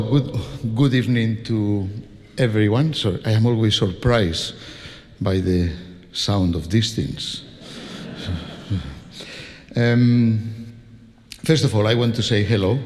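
A Spanish-accented man speaks to a concert audience before the music begins. He talks slowly and loosely, restarting sentences and laughing between them. His voice carries a long reverb, as if from a large concert hall. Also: lowish voice. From Spain. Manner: warm, hesitant, laughing asides, many restarts. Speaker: conductor. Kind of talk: spoken introduction to a concert.

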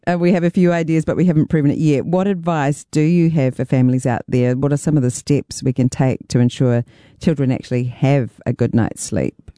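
A woman's voice: extremely low pitch, fairly quick, mellow, no room sound, clean studio sound. A woman radio host, presenting and interviewing in a friendly, conversational way. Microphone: studio mic.

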